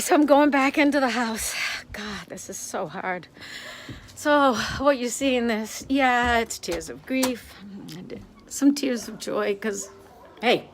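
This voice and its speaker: A woman's voice: fairly high pitch, a bit bright, slight background noise. An older woman vlogging about fixing things around her home, talking frankly and rambling as she walks around, recorded on a phone held at arm's length. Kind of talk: casual home-repair vlog. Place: her home, moving between house, yard and garage. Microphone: phone in selfie mode at arm's length.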